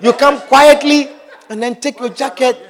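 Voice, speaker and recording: High-pitched guy preaching, says things twice, keeps asking "do you understand". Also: steady tone, moderate pace. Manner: keeps asking the congregation whether they understand; repeats key phrases for emphasis. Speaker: pastor. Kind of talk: sermon.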